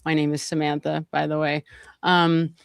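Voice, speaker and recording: A woman counselor speaks up politely to add an explanation. Her voice is smooth and clean, with a dry sound close to the mic. She speaks calmly on a video call. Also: deep voice, normal speed, no room sound. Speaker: counselor guest. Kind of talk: discussion.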